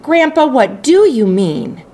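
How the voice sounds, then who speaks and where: A woman's voice: sits high, sing-song, slow, dark tone, voice pushed up, exaggerated voice. A woman voicing a curious, eager young boy in an audiobook reading, asking breathless, wide-eyed questions.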